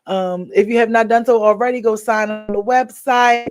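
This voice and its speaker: A woman's voice: a little high, steady tone, normal speed, soft background music. Tired, chatty woman livestream host. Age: adult with a daughter. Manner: chatty, encouraging, loose slangy talk. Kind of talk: casual sign-off chat with viewers.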